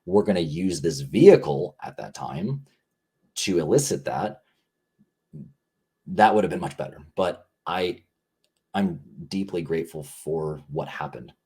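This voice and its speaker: A man's voice: low voice, sing-song, measured pace, vocal fry, pauses often, warm tone, husky. A man speaking as a podcast guest in an earnest, rambling way, often saying "like" as he thinks aloud. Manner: earnest, rambling, heavy use of "like". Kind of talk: reflective conversational talk.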